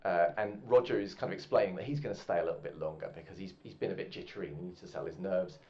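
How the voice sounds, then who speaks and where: Rambling game master, low voice. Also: male voice, rapid-fire. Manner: relaxed, rambling with many fillers. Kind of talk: narrating a tabletop game. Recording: muffled, with faint music.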